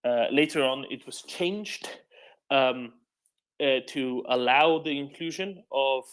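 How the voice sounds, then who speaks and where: A man hosting a live audio discussion, speaking in a measured way with frequent fillers and restarts. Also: medium pitch, fairly bright tone, clear, resonant tone. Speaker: host of online discussion.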